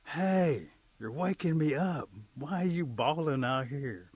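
A cranky little mole woken from sleep, as a male storyteller puts him on, grumbling and drowsy. The voice is husky and a bit breathy. It sits in a spoken folk tale. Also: on the high side, expressive, takes it slowly, darkish tone, no echo, voice pushed up, full character voice. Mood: grumpy. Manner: grumbling, drowsy, then scheming.

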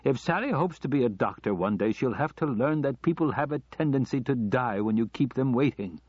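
A man's voice: mid-range voice, animated, a little fast, slightly rough, no echo. A man voicing a stern, impatient middle-aged surgeon in a clipped, curt manner. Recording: slightly dull lo-fi recording.

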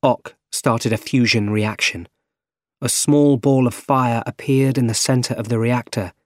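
A man reading a simple story aloud, slow, careful and plain. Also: medium pitch, fairly even intonation, dry recording, clean studio sound. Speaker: narrator. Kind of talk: scripted narration of a graded reader.

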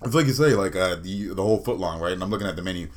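A man's voice: sits low, animated, rapid-fire, a little hiss or hum. A man co-hosting a podcast, rambling through stories in crude casual banter with many fillers. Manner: rambling, lots of fillers and laughs. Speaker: podcast co-host.

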